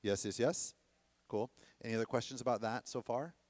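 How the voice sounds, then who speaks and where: A man teaching a dance workshop to a class, animated and often checking that the students are following. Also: medium pitch, a little fast, dry recording. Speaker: dance instructor.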